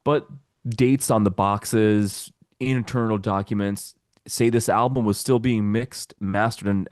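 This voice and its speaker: Brief: man, low voice, dry close sound, knowledgeable guest with deadpan humor. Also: no room sound. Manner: detailed, explanatory, dry jokes. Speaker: documentary maker guest. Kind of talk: casual interview talk.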